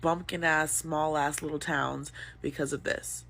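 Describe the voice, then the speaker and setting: A woman's voice: low voice, flat delivery, unhurried, vocal fry, a bit bright. An American woman giving an indignant, preachy political rant to camera. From United States.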